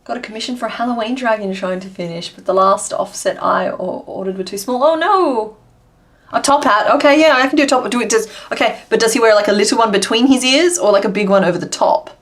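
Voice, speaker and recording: A woman of medium pitch talks fast with hardly any pauses while running a casual crochet livestream. Chatty throughout, she responds to viewers and makes puns as she crochets.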